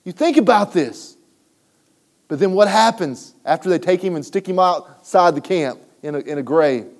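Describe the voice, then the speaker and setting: A man's voice: high-pitched, animated, normal speed. A man preaching a sermon, building emphasis and checking in with the congregation. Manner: preaching with rising emphasis and frequent "right?" asides. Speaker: pastor.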